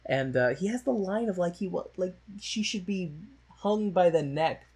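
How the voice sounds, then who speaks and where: A man's voice: high voice, lively intonation, normal speed, darkish tone, breathy edge. A man chatting casually about a movie he watched, rambling along with frequent laughs and a sardonic edge. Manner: rambling, laughs often, slips into mocking voices for quotes. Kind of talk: casual chat, movie discussion.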